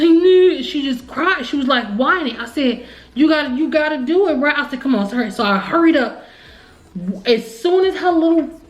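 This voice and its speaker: Candid, rambling woman vlogger, echoey room sound. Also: a little high. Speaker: family vlogger. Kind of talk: casual vlog storytelling.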